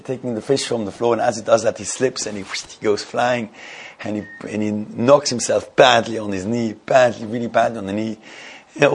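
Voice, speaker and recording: Gravelly, husky man teaching casually. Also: medium pitch, a little mellow. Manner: halting, conversational, laughs while telling stories. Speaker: Torah class teacher. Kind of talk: informal Torah class with storytelling.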